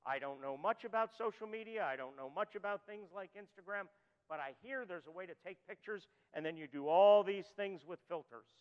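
An earnest male pastor preaches, easing his pace and softening on the lines he wants to land. His voice sits high for a man. The recording is dull and muffled, with a long church reverb trailing behind him. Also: a little fast, smooth. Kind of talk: sermon. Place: church sanctuary.

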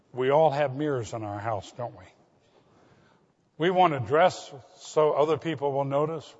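An older man, a pastor delivering a sermon in an earnest way, asking his congregation direct questions. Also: medium pitch. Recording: dull recording with long hall reverb.

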